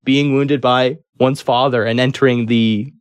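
A man's voice: mid-range voice, fairly even intonation, unhurried, smooth, no echo. A man with a mid-range voice asks an interview question. He talks thoughtfully and searches for his words, and the recording is dry and close.

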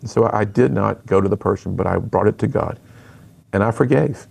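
A man's voice: lowish voice, fairly quick, gravelly, a little mellow, slightly rough. A middle-aged man, a speaker and author, telling his personal story earnestly in an interview.

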